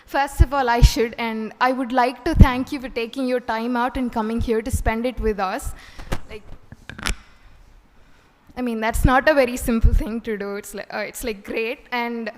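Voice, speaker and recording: A young woman student gives feedback, hesitant and filling her pauses. Her voice is high, and a long hall reverb surrounds it. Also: steady tone. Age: young adult. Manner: hesitant, many fillers like "like". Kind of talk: casual spoken feedback. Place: college hall.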